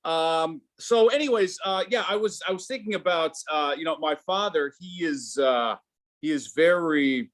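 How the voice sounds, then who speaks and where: A man doing a stand-up set over a video call, halting with many fillers and restarts. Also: a little high, a bit bright. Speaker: stand-up comic.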